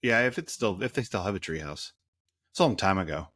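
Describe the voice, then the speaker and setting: A man's voice: low voice, lively intonation, fairly quick, a bit bright, breathy edge, no echo. A man co-hosting a movie podcast in casual chat, rambling and cursing, full of fillers and restarts. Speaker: podcast co-host.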